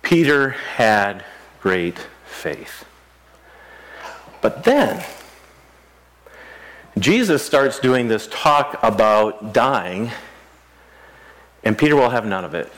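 A middle-aged pastor preaches in a church in an easy, conversational way. He asks the congregation questions, and his pitch rises and falls a lot as he talks. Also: very animated, very slow, long pauses, fairly bright tone. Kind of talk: sermon. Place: church sanctuary.

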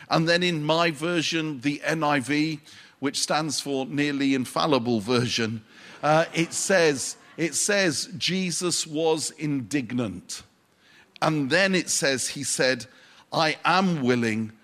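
Slow, measured male preacher. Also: on the high side, a bit bright. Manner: unhurried, pausing for emphasis, with dry asides. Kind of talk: sermon.

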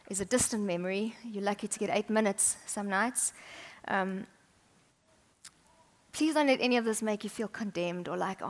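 A woman preaching a sermon, chatty and humorous, often dropping to soft, intimate tones. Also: medium pitch.

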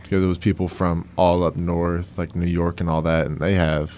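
A man's voice: low voice, level tone, normal speed, darkish tone, slight background noise. A young man with a Cajun accent from South Louisiana, answering interview questions in an easygoing way with many fillers. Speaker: guest. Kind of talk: conversational interview.

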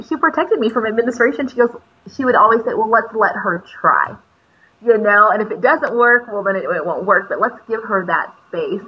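A woman's voice: mid-range voice, breathy edge, muffled recording. A middle-aged woman, a teacher mentor, chatting casually on a podcast and telling stories with many fillers and restarts.

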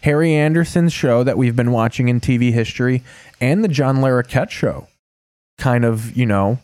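A man talking over TV and ballgames on a live stream, rambling and swearing in a wry, offhand way. His voice is close and dry, with no room echo behind it. He sits at a middle pitch and keeps a loose, unhurried flow. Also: a little mellow. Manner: rambling, profane, wry asides. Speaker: streamer host. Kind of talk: casual live-stream chat over TV clips.

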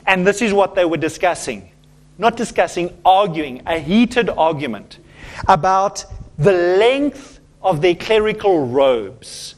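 A middle-aged pastor delivers a sermon to his congregation, his voice sitting notably high for a man. He speaks earnestly and emphatically, stumbling and restarting phrases as he presses his points. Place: church.

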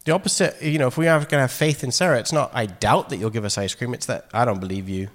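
Guy giving a chatty sermon, lively, long reverb from a big hall. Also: medium pitch, fast. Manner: animated, conversational, acts out quoted lines. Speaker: preacher.

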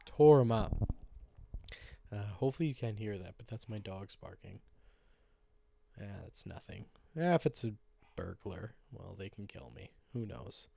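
Casual low-voiced male podcaster. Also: animated, unhurried, gravelly, pauses often, mellow, dry recording. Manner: loose, rambling and joking, with swearing. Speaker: podcast host. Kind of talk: casual solo podcast chat. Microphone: podcast microphone.

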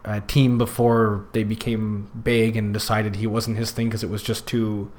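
A man's voice: fairly low pitch, flat delivery, normal speed, a little mellow. Rambling man in casual podcast chat. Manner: rambling, many fillers and restarts. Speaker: podcast guest, youth circus worker.

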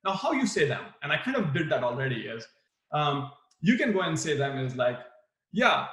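A man's voice: a little high, very animated, brisk, fairly bright tone, reverberant. A man teaching a workshop for new managers, acting out example replies with big swings in his voice. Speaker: management trainer. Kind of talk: live workshop talk on management.

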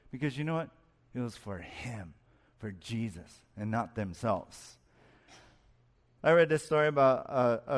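A male pastor delivers an earnest sermon, swelling his voice for emphasis and dropping it low at the close of key phrases. His voice sits slightly higher than most men's. The sound trails into a long reverb, as in a large hall. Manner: earnest, rises and falls for emphasis, asks listeners questions.

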